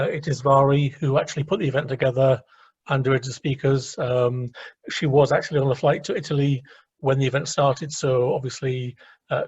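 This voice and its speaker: A man hosting an online meetup, polite and measured as he moderates. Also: medium pitch, a little mellow, husky, muffled recording. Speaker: event host.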